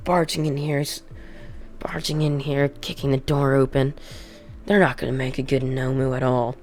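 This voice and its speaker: Raspy, scornful young male villain, read by a woman; low, curt, storybook reading. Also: flat delivery, moderate pace, a little mellow, faint music behind. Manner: curt and dismissive.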